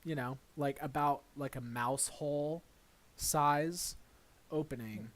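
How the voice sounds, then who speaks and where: Running a tabletop RPG as dungeon master, this man narrates with an easygoing, stop-and-start delivery, peppered with fillers and false starts. His pitch is on the high side.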